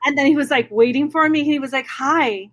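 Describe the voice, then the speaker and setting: Woman, comedian host, casual interview, high pitch, blunt, swears, laughs easily. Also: fairly even intonation, fast, a bit bright. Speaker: host and stand-up comic.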